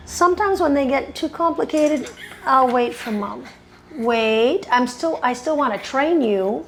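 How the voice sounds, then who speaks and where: Female groomer, gravelly fry, a bit high, chatty tutorial voice, coaxing then firm with a dog. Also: lively intonation, unhurried, slight background noise. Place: grooming table indoors.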